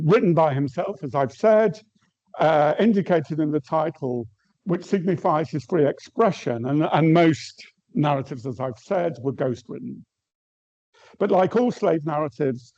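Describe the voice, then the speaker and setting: A man giving an academic lecture at a measured pace, reading quotations aloud and pausing with some hesitations. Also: fairly high pitch, darkish tone. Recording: muffled lo-fi recording.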